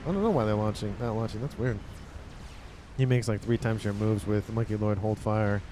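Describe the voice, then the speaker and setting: A man casually commentating a strategy game replay, reacting excitably as the action unfolds. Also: lowish voice, noisy background. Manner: excitable, quick reactions, often exclaims "oh".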